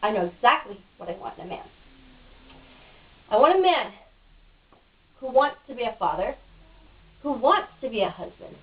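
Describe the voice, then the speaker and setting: Captured on a distant mic in dull lo-fi, this casual home-video interview has a woman venting in a cynical, frustrated rant. Her fairly high voice swings a lot in pitch, moving at normal speed with frequent pauses.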